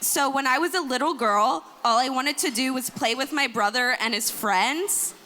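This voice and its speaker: A woman's voice: sits high, normal speed, bright, forceful tone. A woman in her twenties giving a joking wedding toast as the groom's sister, in a reception hall. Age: 20s. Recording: echoey hall with faint ambience.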